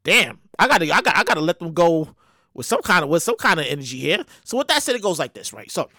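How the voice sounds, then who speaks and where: A woman hosting her own show, giving animated, profane comedic commentary on news stories and repeating her words as she riffs. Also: fairly low pitch, fast, no room sound, clean studio sound. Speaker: podcast host.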